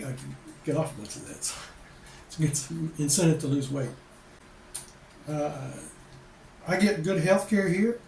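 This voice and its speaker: A man's voice: on the high side, a little mellow, distant mic, a little hiss or hum. A man in his sixties from the United States giving casual, rambling advice to camera as an expat vlogger, plain-spoken and repeating himself. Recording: echoey room, voice away from the mic.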